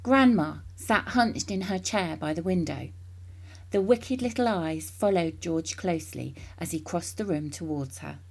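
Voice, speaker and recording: A woman reading a children's book aloud, with expressive, lively storytelling. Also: fairly low pitch, unhurried, gravelly, slightly rough.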